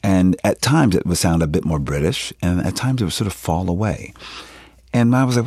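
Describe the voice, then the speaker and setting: A man from Philadelphia, an actor, chatting in an interview, telling stories with animated quotes and frequent laughs. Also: deep voice, normal speed, slightly rough, no room sound, clean studio sound. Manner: animated storyteller, laughs often, acts out quotes. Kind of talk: casual interview chat.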